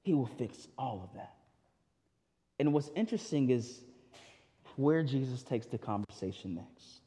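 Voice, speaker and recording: A man's voice: mid-range voice, animated, unhurried, mellow. A man preaching a sermon as pastor, talking in a loose, conversational way with restarts and asides. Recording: long hall reverb.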